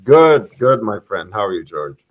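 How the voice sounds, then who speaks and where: A man co-hosting a casual livestream, speaking calmly and asking for viewer support. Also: lowish voice, normal speed, dull audio.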